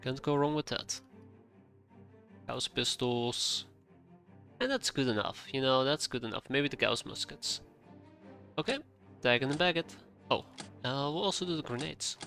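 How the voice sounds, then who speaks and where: A man streaming a strategy game live, chatting casually to himself as he plays, with quick asides. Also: medium pitch, gravelly, pushed and bright. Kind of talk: casual live gameplay commentary. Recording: faint game music behind.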